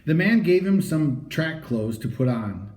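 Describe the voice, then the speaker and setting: Expressive male storybook reader, roomy sound. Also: fairly high pitch, unhurried. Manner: animated, expressive read-aloud. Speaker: audiobook reader. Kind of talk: storybook narration. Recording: roomy echo.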